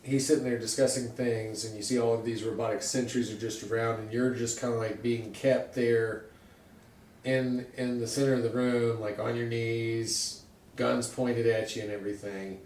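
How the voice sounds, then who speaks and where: A man running a tabletop role-playing game as game master, narrating scenes dramatically and slowing down for effect. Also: medium pitch, little pitch movement, darkish tone, far from the mic. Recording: roomy sound from off-mic, faint hiss.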